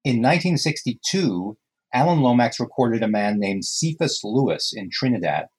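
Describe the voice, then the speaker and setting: A man's voice: medium pitch, lively intonation, normal speed, a little mellow, husky, poor audio. A male co-host explaining things in an enthusiastic, casual podcast style. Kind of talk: casual podcast talk about folk songs.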